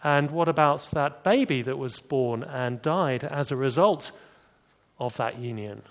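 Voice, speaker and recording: A man preaching a sermon, animated, rising for emphasis and dropping to quiet, serious points. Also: mid-range voice, measured pace. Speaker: pastor.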